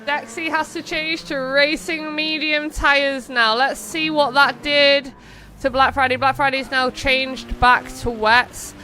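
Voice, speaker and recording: Girl doing chatty stream commentary on a racing game, bright higher voice, goes off on tangents. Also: level tone, takes it slowly, slight background noise. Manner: chatty, rambling, reads chat aloud. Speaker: streamer and race host.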